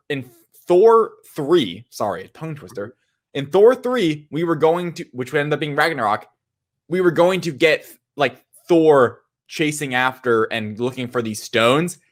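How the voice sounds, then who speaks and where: A man's voice: fairly high pitch, animated, unhurried. Guy on a movie podcast, really opinionated, voice bounces all over. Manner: opinionated, emphatic. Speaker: podcast co-host. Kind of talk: casual movie chat.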